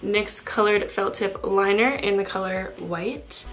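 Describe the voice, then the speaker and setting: A young woman narrates a makeup tutorial while she has a cold, her voice raspy and nasal. She talks in a chatty, easygoing way, often correcting herself and apologizing. Soft music plays faintly under her voice. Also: medium pitch, measured pace. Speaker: makeup vlogger.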